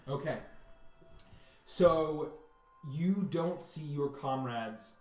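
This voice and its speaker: A man narrating a tabletop game as game master, halting and repeating words as he describes scenes. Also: fairly high pitch, faint music behind. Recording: echoey room.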